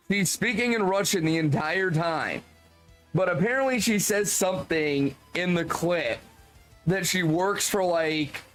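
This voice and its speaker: A man with a fairly high voice talks into his streaming mic, ranting in exasperation. He swears freely and fills his sentences with "like." Soft music plays faintly underneath. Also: low-quality recording. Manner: exasperated, profane ranting with many "like" fillers. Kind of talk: casual stream commentary.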